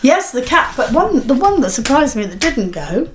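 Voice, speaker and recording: A woman co-hosting a casual podcast chat, frank and jokey with quick agreeing replies. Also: high voice, very animated, a crowd in the background. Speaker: podcast co-host, artist.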